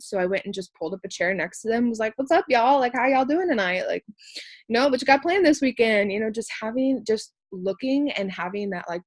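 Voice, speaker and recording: A woman's voice: on the low side, dry recording. Bubbly young woman chatting in a dry room. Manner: bubbly, animated retelling with upbeat voiced quotes. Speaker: co-host. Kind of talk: casual chat.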